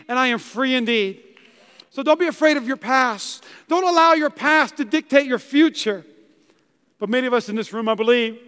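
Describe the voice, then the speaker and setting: High-voiced preacher in a big hall. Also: male voice, a bit bright, clean tone. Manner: storytelling preacher, acts out voices. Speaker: pastor. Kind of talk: sermon. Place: church hall.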